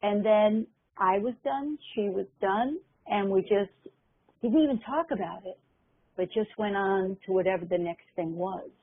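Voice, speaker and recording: An older woman, a guest minister and spiritual teacher, telling a story in a gentle, reflective way with frequent pauses. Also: mid-range voice, slightly rough, dry recording. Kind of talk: conversational storytelling. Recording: phone-line audio.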